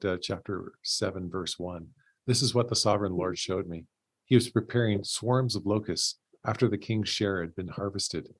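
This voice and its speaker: A man's voice: lowish voice, slightly rough, no room sound, poor audio. A man co-hosting a Bible study, reading scripture aloud plainly and joining the discussion with short remarks. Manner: reads scripture aloud plainly, brief agreeing replies. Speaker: Bible study co-host and reader.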